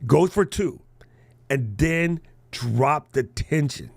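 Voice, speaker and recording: Male workshop host, gravelly, fairly high voice, animated and jokey, dry close sound. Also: measured pace, dry recording. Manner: animated, joking, laughs often. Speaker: podcast coaching host. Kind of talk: live workshop chat.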